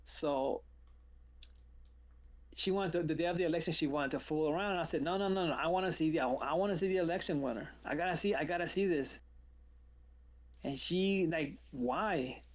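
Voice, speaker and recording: Animated man telling stories on a stream. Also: a little high, moderate pace, pauses often, lo-fi sound. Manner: animated storyteller, acts out quotes. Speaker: trading stream host. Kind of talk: casual chat on a live stream.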